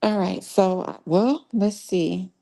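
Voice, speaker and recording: Woman on a crime livestream, low gravelly mellow voice, blunt and cussing a lot. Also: slow. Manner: blunt, heavy cussing, slangy. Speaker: livestream host. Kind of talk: true crime live commentary.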